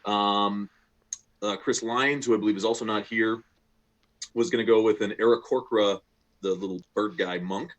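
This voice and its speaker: Low-voiced hesitant man running a game. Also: steady tone, normal speed, dull audio. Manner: hesitant, many ums and restarts. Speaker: game master. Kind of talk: casual online game session.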